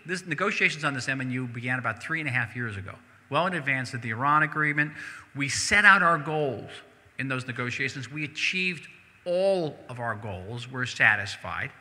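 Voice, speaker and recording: Bright-voiced man answering in a hall. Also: mid-range voice. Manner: emphatic, repeats words, conversational asides. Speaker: diplomat speaking at a synagogue event. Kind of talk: public Q&A answer. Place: synagogue hall. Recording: hall reverb.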